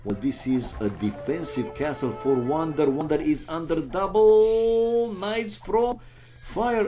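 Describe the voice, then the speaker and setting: Excitable male game caster, non-native. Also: medium pitch. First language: not English. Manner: excitable, bursts into rapid exclamations; joking, chatty asides to viewers. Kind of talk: live strategy-game commentary.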